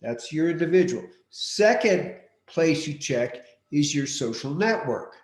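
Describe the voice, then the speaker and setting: A man leading an online workshop, speaking in a deliberate, directive way and often repeating his key points. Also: a little high, lively intonation. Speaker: workshop teacher. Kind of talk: live online teaching session. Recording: roomy echo.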